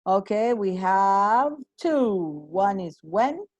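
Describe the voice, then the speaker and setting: Bilingual woman teacher, slow and dry. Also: mid-range voice, animated, a little mellow, dry recording. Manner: switches between English and Spanish, encouraging; praises students by name. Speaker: English teacher. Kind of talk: online class teaching.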